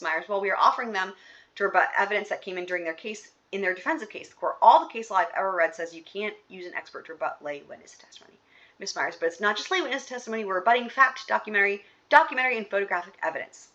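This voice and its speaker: A woman's voice: mid-range voice, pushed and bright. A woman reading courtroom sidebar transcripts aloud and breaking off for chatty asides to her viewers. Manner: reads each speaker's lines straight through, breaking off for chatty asides. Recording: dull lo-fi recording.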